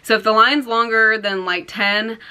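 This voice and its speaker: A woman's voice: fairly high pitch, steady tone, normal speed, pushed and bright, clean tone, rough recording. A young woman chatting casually to camera in a vlog, tired, rambling with lots of ums and likes. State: tired late at night. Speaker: vlogger.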